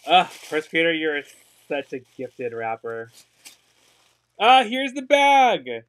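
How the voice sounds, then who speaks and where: A man with a fairly bright voice on the high side, his pitch swooping wildly, takes his time as he hosts a livestream sale of secondhand designer purses. Upbeat and gushing, he chats casually with fillers and giggles frequently over the bags.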